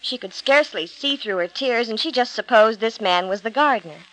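A woman reading a storybook aloud. Her voice sits a bit high, and her reading is clear and expressive. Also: fairly quick, no echo, rough recording. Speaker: narrator.

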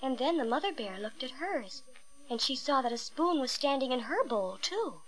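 A woman with a high voice reads a classic fairy tale aloud. Her storytelling is expressive and emphatic, pressing on the key words. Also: normal speed, rough recording.

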